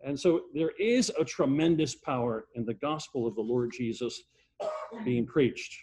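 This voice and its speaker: An older man preaching a sermon and telling a story, with emphatic repetition, swinging from loud passages to hushed ones. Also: medium pitch, a little slow, a little hiss or hum.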